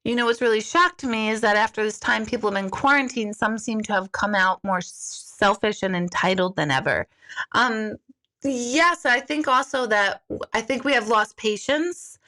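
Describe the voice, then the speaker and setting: A woman's voice: on the high side, animated, moderate pace, sharp tone. A middle-aged woman, a life coach, talking candidly on a live stream, mocking herself and swearing freely. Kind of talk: casual live-stream monologue.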